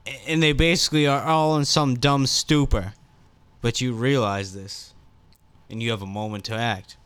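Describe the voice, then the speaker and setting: Man, mid pitch, dry close mic, wordy mock-poetic talk. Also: fairly even intonation, moderate pace, fairly bright tone, clear, resonant tone, no room sound. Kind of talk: casual crude chat with friends.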